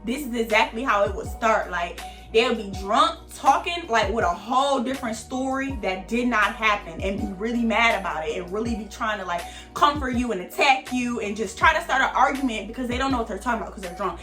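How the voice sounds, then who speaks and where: A young woman telling a story in a casual, slangy vlog, animated and chatty. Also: fairly high pitch, a little fast, roomy sound, soft background music. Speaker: vlogger.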